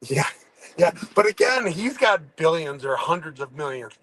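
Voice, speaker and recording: Man, fairly high voice, halting and restarting in a relaxed podcast chat. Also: a crowd in the background, rough recording. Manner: frequent restarts and stammering. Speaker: guest, fighter.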